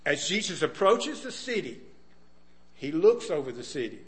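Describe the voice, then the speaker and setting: A man's voice: fairly high pitch, sing-song, normal speed, fairly bright tone. A man preaching a sermon in a conversational way, often putting questions to his listeners.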